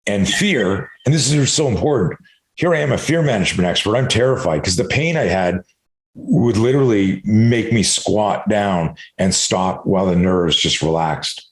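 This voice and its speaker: Deep-voiced man telling an animated story. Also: normal speed. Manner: animated, swears freely, acts out his own inner dialogue. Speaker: self-defense expert guest. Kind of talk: candid storytelling in a podcast interview. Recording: echoey room.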